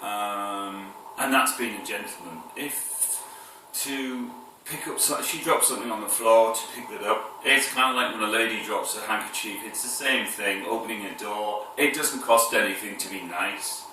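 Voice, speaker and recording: A man's voice: fairly low pitch, moderate pace, hardly any pauses, heavy reverb, recorded from a distance, noisy background. A man from the north of England with a northern English accent, talking casually to camera in a rambling, hesitant way, full of fillers and restarts, with chuckles between phrases.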